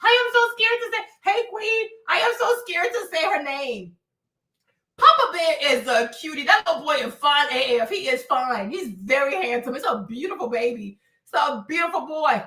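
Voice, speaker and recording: Loud, dramatic woman gossiping, high lively voice. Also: moderate pace, echoey room, recorded from a distance, poor audio. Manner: loud, dramatic, with shrieks and laughter; switches into Spanish phrases. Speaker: livestream host. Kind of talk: casual gossip commentary.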